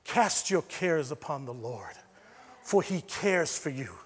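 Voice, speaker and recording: Preaching in a church sanctuary, this American pastor has a husky, expressive voice on the high side and speaks slowly. His sermon shifts from near-whispers into emphatic preaching, with long church-hall reverb throughout.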